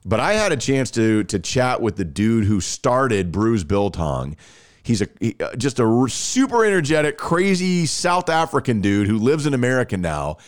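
A man's voice: mid-range voice, big pitch swings, moderate pace. A man hosting a podcast, talking casually and chatting in a laid-back way with lots of fillers. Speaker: podcast host. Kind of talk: casual interview with ad read.

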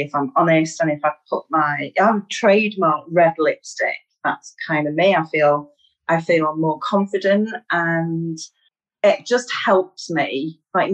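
A woman's voice: sits low, lo-fi sound. A woman from Manchester with a Mancunian accent, a podcast guest speaking candidly and self-deprecatingly, with fillers. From Manchester, England. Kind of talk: podcast interview.

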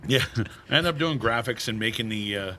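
A man's voice: medium pitch, lively intonation, fairly quick, pushed and bright. A man being interviewed, telling casual stories and acting out the voices of people he quotes. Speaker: cigar brand founder, guest.

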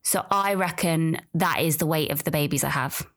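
A woman with a low-pitched, slightly bright voice talks at a moderate pace, hosting a podcast on her own. She chats casually and candidly about pregnancy and birth, often trailing off and starting over.

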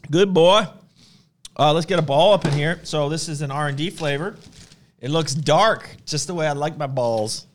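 A man co-hosting a podcast in casual chat, easygoing and quick to laugh. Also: a little high, slight background noise. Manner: easygoing, laughs often, hypes his cohost. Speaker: podcast co-host.

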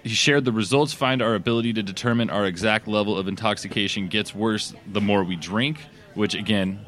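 A man's voice: lowish voice, fairly even intonation, a little fast, fairly bright tone. A man co-hosting a casual podcast from a sports bar, rambling through a news story with many fillers and frequent laughs. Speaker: podcast co-host reading news.

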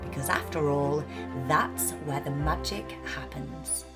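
A woman's voice: sits low, steady tone, slow pace, fairly bright tone. A woman, a mindset coach, hosting a podcast and giving an upbeat scripted introduction. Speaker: podcast host. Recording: intro with music behind.

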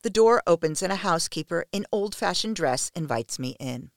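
A woman narrating an erotic story in the first person, in a steady, intimate storytelling manner. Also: fairly low pitch, moderate pace, dry recording, studio quality.

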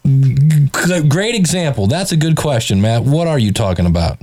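This man has a mid-range, darkish, expressive voice and speaks at a moderate pace. As host, he plays podcast clips and critiques them with sardonic exasperation, frequently stammering and starting sentences over.

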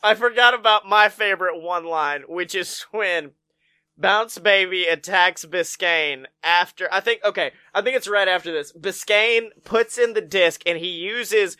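This is a man co-hosting a casual movie review podcast, his voice high and ringing. He laughs a lot and acts out the film's lines in silly put-on voices. The sound is dry and close, with no room around it. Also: unhurried, pushed and bright, clean tone, no room sound. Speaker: podcast co-host.

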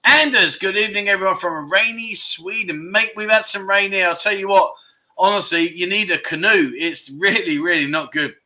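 Man, livestream host, casual chat, jokey banter, reading viewer comments, very bright sharp tone. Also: high-pitched, normal speed. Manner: chatty, reads out and answers viewer comments; jokey banter, calls people mate.

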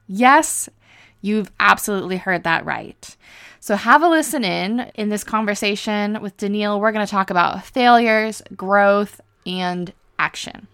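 An enthusiastic woman hosts a podcast and introduces her guest with lively warmth. Her voice is smooth and resonant. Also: medium pitch, measured pace, no room sound, studio quality. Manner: upbeat, enthusiastic. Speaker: podcast host. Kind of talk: podcast host intro and interview.

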